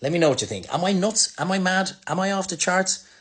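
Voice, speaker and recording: A man's voice: high voice, expressive, fast, fairly bright tone. An angry, sweary man with an Irish accent, a restaurant owner ranting bluntly to camera in a vlog monologue. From Ireland.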